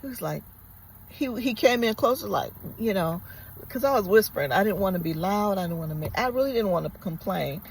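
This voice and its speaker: A woman talks through a personal story for her vlog in a casual, earnest, reflective way, often pausing on fillers. Her mid-pitched voice has a gravelly edge with some vocal fry. Faint background noise sits behind her. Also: rough recording. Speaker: vlogger.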